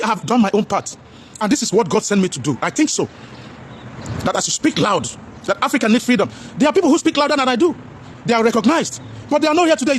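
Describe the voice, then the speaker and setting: A man with a Nigerian accent delivers loud, preachy vlog commentary in a very high voice, with slight background noise. He calls viewers his brothers, repeats himself and mixes English with Pidgin.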